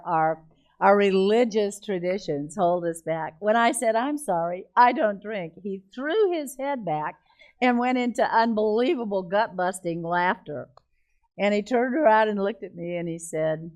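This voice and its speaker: An older woman telling an animated personal testimony in a conversation, laughing often and speaking with emphasis. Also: medium pitch, measured pace. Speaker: guest speaker. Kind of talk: storytelling testimony.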